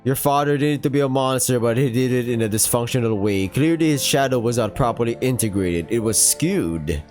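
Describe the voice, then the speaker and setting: A man's voice: mid-range voice, lively intonation, a little fast, a little mellow, soft background music, natural voice. A man voicing a blunt, lecturing middle-aged male therapist in a game playthrough.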